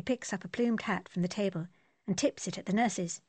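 A woman narrating an audiobook in a steady, descriptive manner. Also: on the low side, moderate pace, husky, no room sound.

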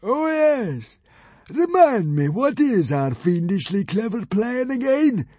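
A man's voice: high voice, very animated, takes it slowly, warm tone, breathy edge, no room sound, pitched above the performer's own voice, full character voice. A man voicing a greedy, fat male Roman consul who drawls and gurgles through mouthfuls of food. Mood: drawling.

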